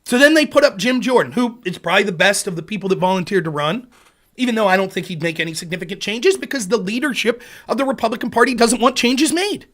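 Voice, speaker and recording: Guy with a really high voice going off on a sweary political rant, heated and sarcastic. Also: expressive, quick pace, a bit bright. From Pennsylvania. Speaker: political livestream host.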